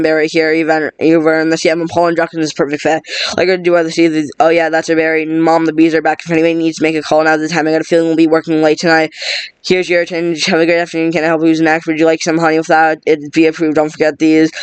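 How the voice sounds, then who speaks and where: Fast, flat man reading a script. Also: a little high, smooth, dry recording. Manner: flat, rapid monotone. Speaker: script reader. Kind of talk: reading a film script aloud.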